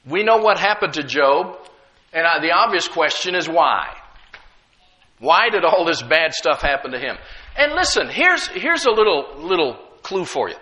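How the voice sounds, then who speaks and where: A man preaching a sermon as pastor, moving from quiet storytelling to loud, emphatic calls and checking in with the congregation. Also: on the high side, very animated, moderate pace, poor audio. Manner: talks directly to the congregation with call-and-response checks.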